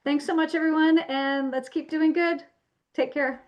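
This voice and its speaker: A woman's voice: high-pitched, fairly even intonation, normal speed, dull audio, soft background music. A woman who hosts and moderates a webinar, thanking the guest and the audience politely and graciously. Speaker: webinar host.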